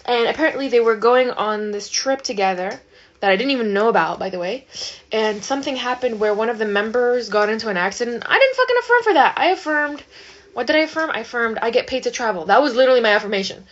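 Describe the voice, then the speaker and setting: A woman's voice: a little high, fast, dull audio. A woman vlogger ranting casually and emphatically, cursing often and rambling as she talks. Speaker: manifestation vlogger.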